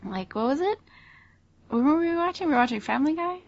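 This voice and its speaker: A woman co-hosting a podcast, retelling things haltingly with lots of fillers. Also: high voice, animated. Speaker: podcast co-host. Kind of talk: casual stoner chat. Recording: dull lo-fi sound.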